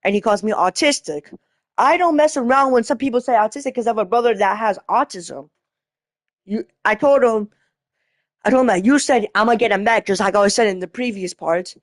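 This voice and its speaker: A woman's voice: a little high, a little fast, no room sound, clean studio sound. A woman vlogging a casual storytelling rant, rambling, restarting herself and swearing as she retells an argument from a chat.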